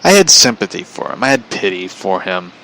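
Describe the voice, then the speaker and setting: A man's voice: low voice, very animated, fairly quick, gravelly, bright, forceful tone, slight background noise, rough recording. A man casually telling a personal story, chatty, relaying a conversation line by line and laughing often.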